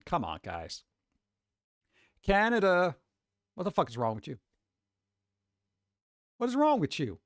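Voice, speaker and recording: A man's voice: sits high, wildly swooping pitch, measured pace, long pauses, dry recording, studio quality. A man hosting a live stream, chatting casually, reading chat aloud and swearing now and then. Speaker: streamer host.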